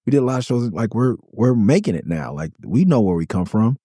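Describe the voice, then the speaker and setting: Recorded with clean studio sound and no room ambience, this LA man hosts a podcast where he casually spins tour stories. His fairly low voice moves quickly with a breathy edge, packed with swearing and quotes he performs in a raised, animated voice.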